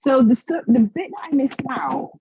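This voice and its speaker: Husky woman telling a lively story. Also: sits high, normal speed, dry recording, rough recording. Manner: animated, acts out quotes, frequent restarts. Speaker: guest, healer. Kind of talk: casual storytelling.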